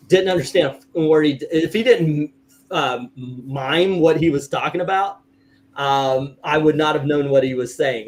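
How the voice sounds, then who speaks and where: A middle-aged man hosting a casual livestream chat, rambling with halting restarts and chuckles. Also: on the high side, expressive, a little hiss or hum. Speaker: host.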